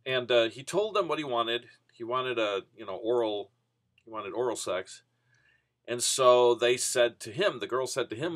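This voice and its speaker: Guy rambling thru an old story, lots of you knows, bright kinda tense voice. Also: medium pitch, animated, moderate pace. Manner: rambling, full of "you know" and restarts. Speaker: vending business vlogger. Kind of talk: casual anecdotal storytelling.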